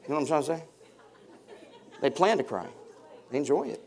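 A pastor in his fifties preaches with a voice pitched a little higher than most men's. He jokes his way through stories and calls out questions to his congregation. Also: lively intonation, a little fast, a faint crowd. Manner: humorous, storytelling, banters with the congregation. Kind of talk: sermon. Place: church before a congregation.

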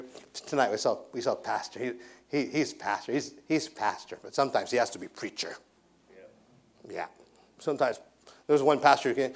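A man preaching a sermon in a church, repeating his points and swinging from hushed to loud. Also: mid-range voice, a little fast.

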